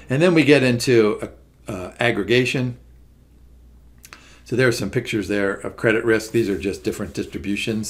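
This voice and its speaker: Male exam prep instructor, middle-aged, loose talky lecture, low-ish voice, lots of "uh". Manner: chatty, loose, many fillers and restarts. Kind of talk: recorded lecture over slides.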